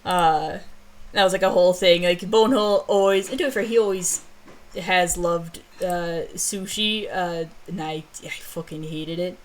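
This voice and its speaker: A woman's voice: lowish voice, steady tone, normal speed. A woman streamer and story author in casual chat, rambling and self-mocking, with casual swearing.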